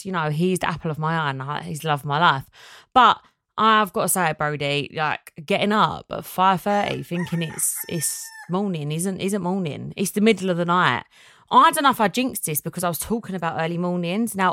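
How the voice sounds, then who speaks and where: A woman's voice: fairly low pitch, no echo, clean studio sound. A woman hosting a casual podcast, chatting animatedly and reading out listener messages. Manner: chatty, animated, laughs often. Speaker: podcast host.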